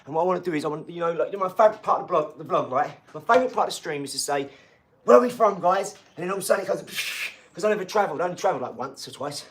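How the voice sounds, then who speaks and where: A man's voice: fairly high pitch, racing, hardly any pauses. A man chatting casually and slangily to viewers on a live stream from a garage gym. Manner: chatty and slangy, talking straight to the chat.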